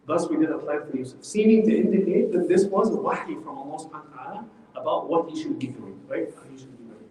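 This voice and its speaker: A man teaching a religious lesson in a mosque hall, animated and quizzing his class, heard from far off. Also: fairly high pitch, very fast, few pauses, a little hiss or hum. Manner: animated, asks the class questions.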